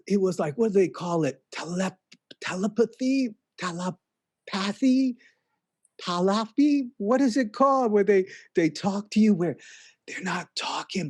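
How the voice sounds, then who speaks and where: Spaced-out and rambling, a man tells a funny story, stretching out "man" and circling back to restart sentences that trail away. His voice is high, animated, husky and a little mellow.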